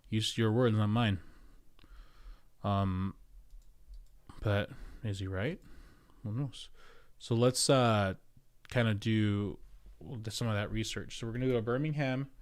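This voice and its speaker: A man's voice: lowish voice, clean tone. A man, a real estate agent, hosting a casual livestream, rambling and reading out viewer comments as he goes. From United States. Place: home, streaming.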